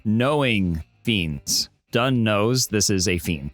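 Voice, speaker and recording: A man narrating a tabletop game as game master on a podcast, telling the scene in a descriptive, animated way. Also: lowish voice, takes it slowly, dry recording, soft background music.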